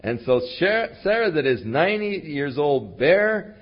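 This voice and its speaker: Conversational pastor on muffled tape. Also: male voice, a little high, big pitch swings, measured pace. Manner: conversational, uses fillers, asides to listeners. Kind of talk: sermon. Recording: dull lo-fi recording.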